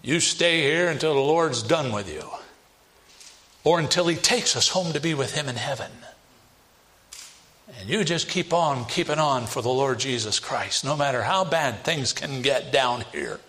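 A man's voice: medium pitch, animated, measured pace, a bit bright. A man preaching a sermon in an emphatic manner, asking rhetorical questions to his listeners.

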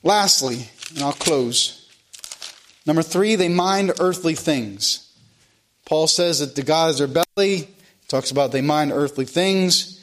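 A man with a fairly high voice preaches a sermon. He speaks earnestly and leans on repetition to press his points. His delivery is plain and direct. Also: unhurried, a bit bright. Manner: earnest preaching, repeats phrases for emphasis. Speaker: pastor.

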